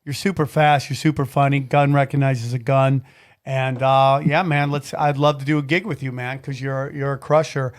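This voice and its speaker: A man's voice: mid-range voice, normal speed. A man hosting a podcast in casual chat, ranting with a lot of swearing. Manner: profane, animated rants. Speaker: podcast host.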